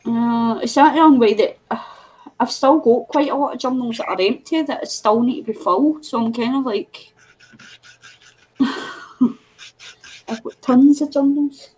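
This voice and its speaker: On a relaxed craft livestream, a middle-aged host from Scotland rambles chattily and coos at her pet, unhurried and leaving long pauses. Her voice sits high yet has a dark, husky tone, captured on a rough recording.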